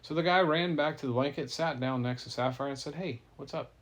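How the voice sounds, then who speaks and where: A man's voice: medium pitch, quick pace, fairly bright tone. A man improvising a playful, rambling bedtime story for a child. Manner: playful, rambling, easily corrected.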